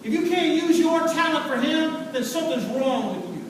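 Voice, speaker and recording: A man's voice: extremely high pitch, lively intonation, moderate pace. A man preaching a sermon as pastor, repeating lines with growing fervor. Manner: preaching with rising fervor and repetition. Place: church sanctuary. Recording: echoey hall, distant mic, noisy.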